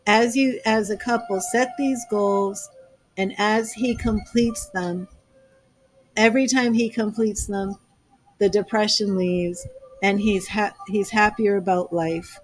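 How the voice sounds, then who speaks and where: A woman's voice: mid-range voice, steady tone, takes it slowly, no room sound, soft background music. A woman giving a live tarot reading, talking earnestly and gushing with emotion, a little teary-eyed. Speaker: tarot reader.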